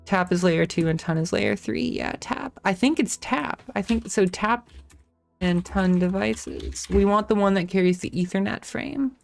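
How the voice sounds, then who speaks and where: A woman's voice: medium pitch, a little slow, vocal fry, faint music behind. A woman hosting a casual live-stream tech talk, thinking aloud with restarts, self-corrections and casual swearing.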